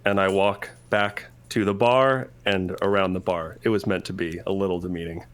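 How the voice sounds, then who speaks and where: A man describes his character's moves in a tabletop game with a low, deliberate voice. He sounds wry and measured. Quiet guitar music runs underneath. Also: fairly even intonation. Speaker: player. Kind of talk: tabletop role-play.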